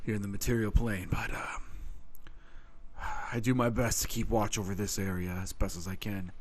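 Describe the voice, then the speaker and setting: A man voicing a calm centaur guardian. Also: fairly low pitch, normal speed, no echo, pitched below the performer's own voice, natural voice. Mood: earnest. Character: earnest male centaur guardian, calm and polite.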